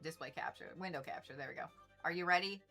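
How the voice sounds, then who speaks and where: Middle-aged woman, livestream astrologer; bright, rambling, swears freely, soft music behind. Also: on the low side, fast talker. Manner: chatty, rambling, profane, laughing asides. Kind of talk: casual livestream chat.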